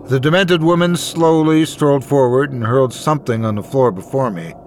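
A man narrating a first-person horror story in a measured, dramatic way. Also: mid-range voice, slight background noise.

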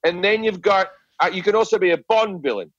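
A man's voice: high-pitched, a little fast, a bit bright, slightly rough, no room sound, lo-fi sound. A middle-aged Australian man on a podcast, ranting and swearing with lots of stammered restarts. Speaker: guest comedian. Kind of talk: casual podcast chat.

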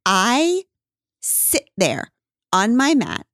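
A woman's voice: a little high, sing-song, very slow, fairly bright tone, dry recording, clean studio sound. A woman telling a candid story in casual podcast chat, swearing and acting out what she said back then. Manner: candid, swears, acts out her own past lines. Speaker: podcast guest.

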